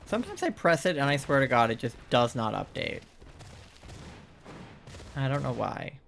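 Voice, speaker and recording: A man's voice: mid-range voice, sing-song, moderate pace, creaky, a bit bright, slight background noise. A man giving rambling, playful, casual commentary while live-streaming a video game from a home setup, sounding a little sleepy. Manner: rambling, chatty, playful, with laughs and squeals. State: sleepy, yawning.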